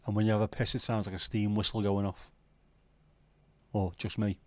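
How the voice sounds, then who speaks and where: A man's voice: lowish voice, flat delivery, normal speed, darkish tone, dry recording. A man hosting a livestream, chatting casually and cheekily with viewers and reading out their comments by name. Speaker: livestream host.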